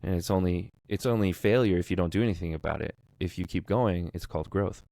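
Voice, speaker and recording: A man's voice: low-pitched, vocal fry, no echo. A man co-hosting a casual podcast about voice acting, talking eagerly and nerdily about his audiobook work. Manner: enthusiastic, nerdy, talks fast when excited. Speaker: podcast co-host, audiobook narrator.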